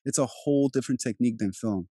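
A man's voice: mid-range voice, quick pace, dark tone, breathy edge, dry recording, studio quality. A man raised in Europe, an actor, talking in a loose, rambling casual conversation with many restarts. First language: Turkish. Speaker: actor and host.

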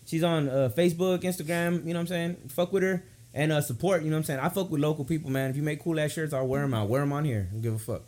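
Laid-back fast-talking man. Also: on the high side, darkish tone. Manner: laid-back, swears freely, repeats "you know what I'm saying". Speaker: podcast host. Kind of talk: casual podcast chat.

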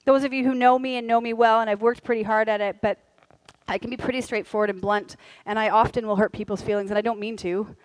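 A middle-aged woman preaching a sermon from a church stage, candid and humorous, with quieter earnest stretches. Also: fairly high pitch, steady tone, fast, no echo, low-quality recording. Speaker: pastor.

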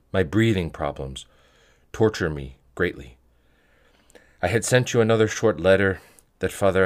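A man reading spiritual letters aloud in a measured, reverent way. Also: sits low. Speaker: podcast reader of monastic letters.

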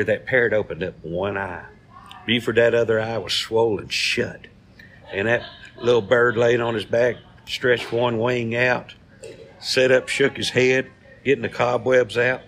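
A man's voice: mid-range voice, fairly bright tone, slight background noise. A man, co-hosting a casual chat and telling jokes in a folksy way. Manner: folksy storyteller. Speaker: co-host.

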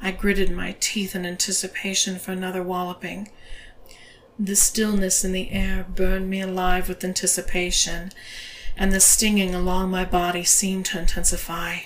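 A woman narrating an erotic audio story in a slow, hushed voice, sometimes dropping to a whisper. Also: on the low side, monotone, a little hiss or hum, low-quality recording.

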